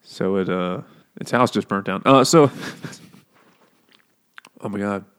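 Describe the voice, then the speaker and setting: A man's voice: on the low side, slow pace, fairly bright tone, smooth. A man co-hosting a casual podcast, joking, laughing often and drinking beer as he talks. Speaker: podcast co-host. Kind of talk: casual drunk banter.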